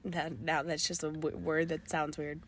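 A woman's voice: low-pitched, normal speed, slight background noise. A woman with a Boston accent, chatting casually as a podcast co-host inside a car and telling stories in a rambling way with lots of "like". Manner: animated storyteller, restarts, lots of "like". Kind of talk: casual chat.

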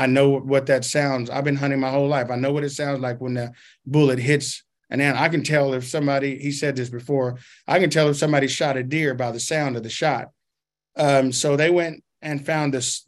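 A man, a pastor, telling a personal story as an interview guest, animated and shifting into preacher-like exhortation. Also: a little high.

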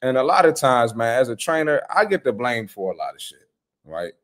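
A man's voice: mid-range voice, very animated, fairly quick, a bit bright. A man, a personal trainer, hosting a live reaction stream with blunt, profane, slangy commentary.

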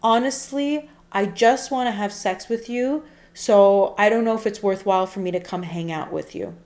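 An animated woman co-hosting a chat show, telling her own stories and acting out the texts she got. Her voice sits in a middle register. The recording has a roomy echo. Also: mid-range voice, moderate pace. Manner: animated, acts out quoted texts. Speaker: podcast co-host. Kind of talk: casual chat, storytelling.

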